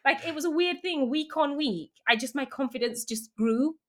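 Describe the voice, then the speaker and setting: A woman being interviewed, telling lively anecdotes with laughter and quoted voices. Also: sits high, moderate pace. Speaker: guest. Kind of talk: casual storytelling interview.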